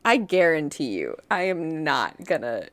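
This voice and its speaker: Woman podcast co-host, bright tone, animated pitch, exclamatory, laughs a lot. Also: measured pace, no echo. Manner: expressive, exclamatory, laughs often. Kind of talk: casual chat.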